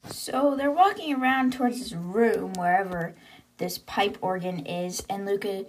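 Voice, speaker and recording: A woman hosting a book podcast, retelling chapters in a loose, conversational way. She laughs often and drops sarcastic asides. Her voice sits at an ordinary middle pitch. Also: moderate pace. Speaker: podcast host. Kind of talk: casual book recap.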